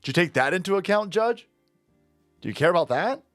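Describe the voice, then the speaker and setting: A man rants angrily in an online commentary video, sarcastic and profane, with scornful laughs. His voice sits a little high and swings widely up and down. The sound is close and dry, with no room echo. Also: lively intonation, fairly quick, fairly bright tone, soft background music. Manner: angry, sarcastic, profane ranting with mocking laughs. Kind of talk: ranting commentary vlog.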